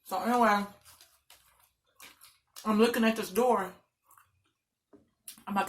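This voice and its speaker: A woman vlogger telling a story in a loud, animated, dramatic way. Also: medium pitch, takes it slowly, long pauses. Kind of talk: casual storytelling.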